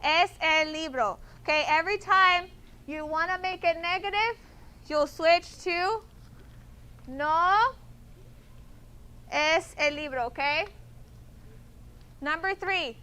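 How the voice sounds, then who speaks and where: A woman's voice: very high voice, slow, pauses often, pushed and bright. A woman teaching a Spanish class, patient, checking often that students follow. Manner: patient, repeats and checks understanding with "okay?".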